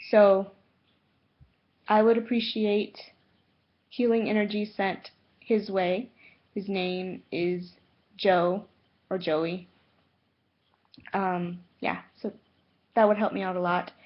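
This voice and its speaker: Woman, spiritual vlogger, slow and halting with lots of fillers; lo-fi home recording. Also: medium pitch. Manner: halting, many fillers and self-corrections; slow and unhurried. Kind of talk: casual talk to camera. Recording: dull lo-fi home video sound.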